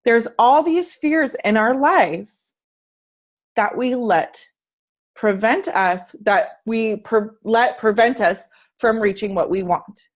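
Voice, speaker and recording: A woman's voice: on the high side, takes it slowly. A woman fitness coach giving an earnest, chatty motivational talk on a group video call, asking her listeners questions.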